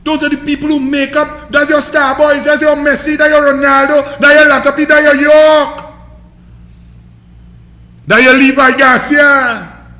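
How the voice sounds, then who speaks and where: Trinidadian guy ranting about politics, real high voice, mocking and combative, echoey room. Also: sharp tone. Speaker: political commentary host.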